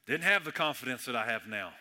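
A man preaching a sermon in a church, conversational and joking, swinging between hushed and loud. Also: mid-range voice, very animated, fast talker. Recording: echoey hall reverb.

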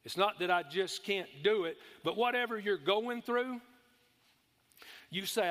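A man preaches with a high, ringing voice. He presses his points hard, asks the room for amens and slows right down on the words he wants to land. The sound carries a long reverb from the church hall. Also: fairly bright tone. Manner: emphatic, calls for amens, drawls key words slowly. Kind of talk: sermon.

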